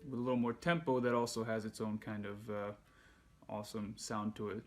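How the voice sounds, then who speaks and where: Man teaching handpan, calm and patient. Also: lowish voice, brisk. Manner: relaxed, patient explaining, counts beats aloud while playing. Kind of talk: music lesson instruction. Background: handpan music.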